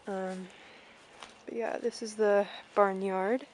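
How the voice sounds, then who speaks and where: A woman's voice: medium pitch, level tone, slow pace, darkish tone, slight background noise, low-quality recording. A young woman casually vlogging an outdoor farm tour on a handheld camera, chatting and calling out to her ponies.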